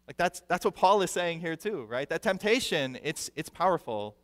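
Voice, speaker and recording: A male pastor preaching a sermon with animated delivery, acting out the people he quotes and repeating words for emphasis. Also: fairly high pitch, moderate pace. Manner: animated, acts out quoted voices; repeats words when stressing a point. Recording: long reverb of a large hall.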